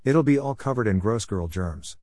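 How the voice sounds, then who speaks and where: A man's voice: fairly low pitch, animated, normal speed, mellow, no echo, close to an everyday voice. A man voicing a mean, teasing young boy who picks on his cousin. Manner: taunting.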